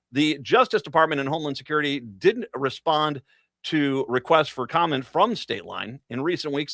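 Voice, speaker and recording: A man's voice: a little high, fairly bright tone, no echo. A man hosting a political talk radio show, reading news stories and breaking into sarcastic, mocking asides with laughs.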